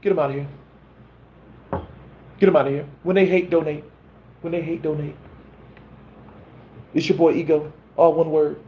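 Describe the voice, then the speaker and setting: A man's voice: a little high, flat delivery, normal speed, long pauses, narrow, tinny audio, slight background noise, pitched above the performer's own voice, natural voice. A man doing an impression of a brash, boastful male boxing streamer who brushes off critics. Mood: cocky. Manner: cocky, dismissive, hype-man delivery.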